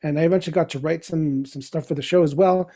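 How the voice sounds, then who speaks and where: High-voiced middle-aged man telling stories. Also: fast talker. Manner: animated, laughing storyteller who acts out quotes. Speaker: podcast guest, comic writer. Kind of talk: casual anecdotal storytelling.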